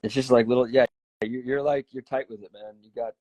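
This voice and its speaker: A man hosting a casual chat, talking in an animated, profane, rambling way full of fillers. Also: mid-range voice, fairly quick, dry recording, dull audio. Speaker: host.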